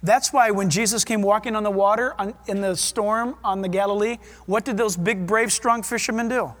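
A man preaching a sermon and reading scripture aloud, fervent and emphatic, with his pace swinging from quick to drawn out. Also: sits high, steady tone, a bit bright.

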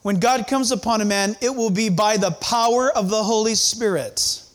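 A male pastor preaching a sermon in church, emphatic, with dramatic pauses. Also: high-pitched.

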